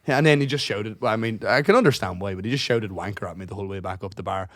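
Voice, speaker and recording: A man's voice: lowish voice, fast. Swearing man telling a story. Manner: swears a lot, animated storytelling. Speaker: podcast co-host. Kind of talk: casual chat.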